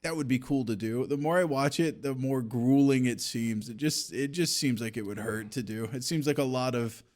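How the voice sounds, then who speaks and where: Male podcast co-host, mid-pitched, easygoing, laughs a lot. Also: normal speed. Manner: laughs often, relaxed rambling with fillers. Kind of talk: casual chat.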